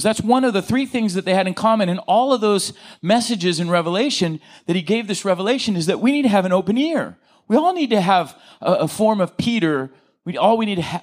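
A male pastor preaching a lively sermon, joking with the congregation and asking them to answer back. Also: high-pitched. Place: church.

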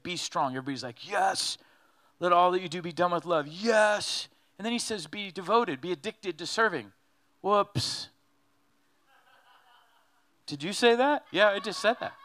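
A man preaching a sermon in an animated, joking way, acting out quotes as he goes. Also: on the high side. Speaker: pastor.

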